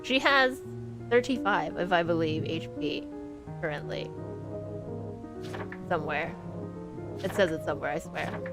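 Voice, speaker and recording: A woman's voice: on the low side, animated, unhurried, pauses often. A woman streaming a horror game, chatting casually and laughing often as she plays. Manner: chatty, giggly, rambling with many fillers. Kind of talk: casual gameplay commentary. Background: game music.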